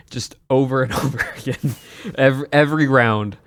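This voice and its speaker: A man's voice: mid-range voice, brisk, no room sound. A man streaming and chatting casually to his viewers, rambling with many restarts and chuckles.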